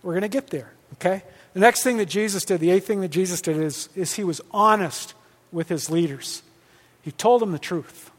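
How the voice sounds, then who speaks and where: A male pastor teaching on leadership in a lively, joking way, acting out quoted dialogue. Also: sits high, moderate pace. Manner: animated, jokey, acts out quoted dialogue. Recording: long hall reverb.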